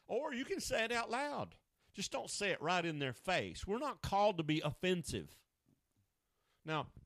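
This male pastor, whose voice is a little high and fairly bright, delivers a down-home radio sermon on a dry recording. He tells stories in casual, colloquial speech with folksy grammar.

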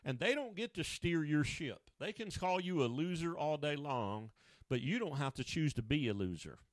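Lively folksy preacher man. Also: fairly high pitch, normal speed, no echo. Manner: down-home storytelling, colloquial grammar. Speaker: pastor. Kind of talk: folksy radio sermon.

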